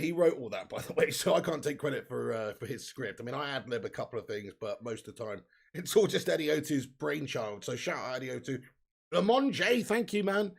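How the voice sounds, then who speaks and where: A man's voice: a little high, vocal fry. A man hosting a live football watch-along, joking, laughing often and reading out viewer comments. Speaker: live stream host.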